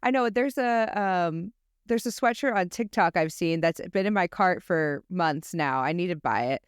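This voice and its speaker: Young American woman co-host, blunt and foul-mouthed, smooth voice, dry studio sound. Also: on the low side, moderate pace, no echo. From United States. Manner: blunt, profane, self-deprecating. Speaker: podcast co-host. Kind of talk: casual chat.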